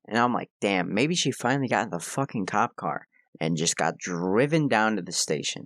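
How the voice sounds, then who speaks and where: A man's voice: fairly low pitch, no room sound. Young guy doing a storytime vlog, swears constantly, voice jumps all over, dead dry sound. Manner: excitable, swears a lot. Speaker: vlogger. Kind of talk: casual storytime.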